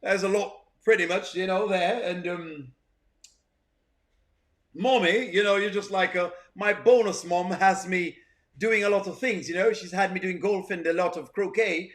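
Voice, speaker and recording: A man putting on a spoiled posh child with a bright, high, affected voice. He is lofty and prissy, sighing out "you know" and "after all" as if everyone else were beneath him. The comedy comes from the put-on airs. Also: sing-song, takes it slowly, exaggerated voice. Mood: haughty. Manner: prissy, affected fancy talk. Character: snobbish posh little boy mocking his mother.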